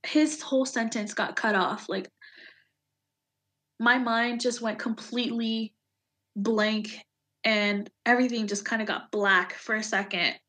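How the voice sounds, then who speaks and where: A woman in her thirties, an Army veteran, telling a personal story in an interview in a halting, emotional way, full of fillers and restarts. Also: on the high side, steady tone, fairly bright tone.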